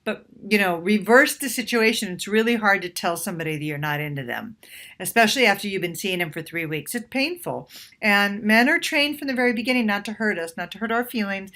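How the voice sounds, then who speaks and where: Bright-voiced woman dating coach. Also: medium pitch, lively intonation, brisk. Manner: warm advice-giving, acts out playful sample lines. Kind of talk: direct-to-camera coaching talk.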